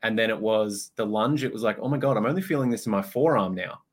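A young man chats on a podcast. His voice sits a little low. He tells stories with lots of energy, acts out what people said, and swears casually. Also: fast talker. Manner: animated storytelling, acts out quotes, swears. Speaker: podcast co-host, personal trainer. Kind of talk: casual chat.

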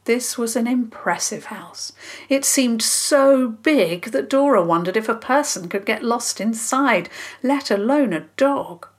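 A woman calmly narrating a children's story in a measured, scripted reading. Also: a little high.

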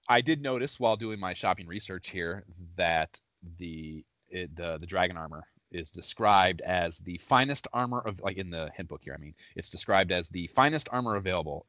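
A man co-hosting a casual gaming podcast, talking in an animated, profane way and laughing often. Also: deep voice, no room sound. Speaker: podcast co-host.

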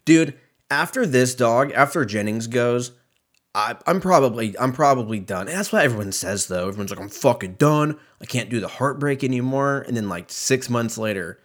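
A young man rambling through a solo podcast monologue, swearing freely and poking fun at himself. His voice sits at an ordinary middle pitch and he drifts from thought to thought. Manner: profane, rambling, self-mocking. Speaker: podcast host. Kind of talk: casual solo podcast rant.

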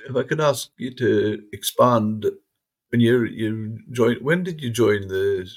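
A man's voice: mid-range voice, takes it slowly. A man interviewing a guest, telling rambling anecdotes with frequent restarts. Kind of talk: casual reminiscing conversation.

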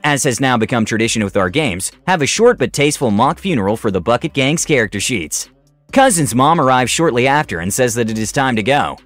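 A man narrating a scripted tabletop game story in an animated way, putting on voices for characters. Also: mid-range voice.

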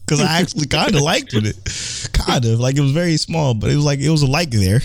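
Guy co-hosting an anime podcast, super animated, bouncy pitch, dry close mic, cusses a lot. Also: fairly quick, vocal fry, dry recording. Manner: animated, swearing, bursts of high laughter. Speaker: podcast co-host. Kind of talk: casual anime review chat.

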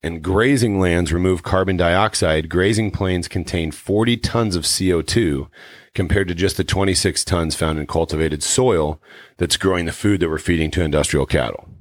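A man hosting a wellness podcast, explaining in an earnest, measured way. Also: low-pitched, no echo. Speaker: podcast host. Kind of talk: casual podcast chat.

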